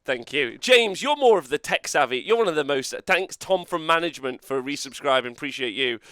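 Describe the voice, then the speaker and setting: A man's voice: on the high side, expressive, a bit bright, no room sound, studio quality. A man hosting a casual group chat, playful and often laughing. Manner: laughs a lot, quick and playful. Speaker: podcast host.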